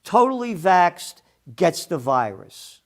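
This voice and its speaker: A man's voice: high voice, sing-song, takes it slowly. A man, a trends forecaster and publisher, delivering a combative ranting commentary with profane, mocking asides and emphatic repetition. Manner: emphatic, repeating words as he builds a point.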